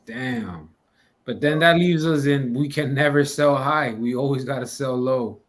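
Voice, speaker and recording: An American man co-hosting a casual sports podcast, talking in a relaxed, agreeable way with some stammered restarts. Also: mid-range voice, a little slow. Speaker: podcast co-host.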